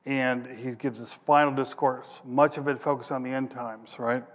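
In a large hall with long reverb, a man delivers a sermon in a mid-range voice with fairly even intonation at normal speed. He reads scripture aloud, explains it simply, and thinks aloud as he looks for passages.

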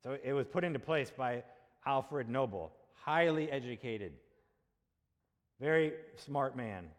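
A man's voice: medium pitch, lively intonation, measured pace. A male pastor preaching a sermon in a conversational way, asking rhetorical questions and checking in with the congregation. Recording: long hall reverb.

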